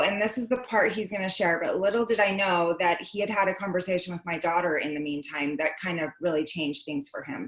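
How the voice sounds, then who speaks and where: A woman's voice: on the low side, reverberant. A woman telling her personal story on a video call, chatty and full of fillers and restarts.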